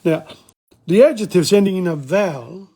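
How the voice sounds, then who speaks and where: An older man teaching a casual language lesson, talking haltingly with many fillers and restarts and repeating words slowly. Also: sits high, expressive, warm tone, husky.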